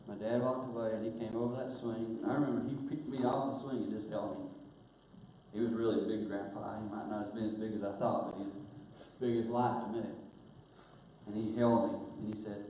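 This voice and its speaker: An older man telling a personal story in a sermon, earnest, growing hushed at painful moments. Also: on the low side, flat delivery, fairly quick. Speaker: guest speaker. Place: church auditorium. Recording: very echoey church hall, faint hiss.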